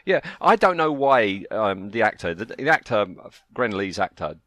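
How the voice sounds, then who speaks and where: A British man with a fairly low voice chatting on a podcast, his pitch rising and falling a lot as he tells a story. The recording is dry and close. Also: very animated, moderate pace, a bit bright, dry recording. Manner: conversational, recounts and quotes sources. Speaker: podcast co-host. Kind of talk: casual chat.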